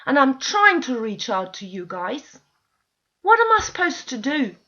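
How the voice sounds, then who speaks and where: Her high, sing-song voice is unhurried yet pushed and bright as this middle-aged vlogger delivers an emotional rant directly to camera. She pleads, sounds exasperated and swears a lot, over dull lo-fi home video sound.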